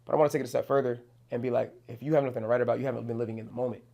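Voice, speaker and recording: Fast-talking gravelly young man. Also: medium pitch, fairly even intonation, dark tone, lo-fi sound. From New Jersey. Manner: loose, slangy, swears, many "you know what I'm saying". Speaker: rapper guest. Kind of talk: casual interview chat.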